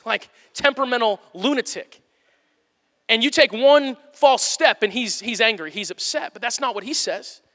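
High-voiced, bright male preacher in a hall. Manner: animated, plain-spoken, playfully acts out quotes. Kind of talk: conversational sermon. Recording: long hall reverb.

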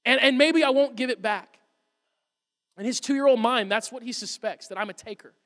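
Animated high-voiced preacher in a big hall. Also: male voice, normal speed. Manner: storytelling, animated and humorous. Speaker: pastor. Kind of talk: sermon. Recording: long hall reverb.

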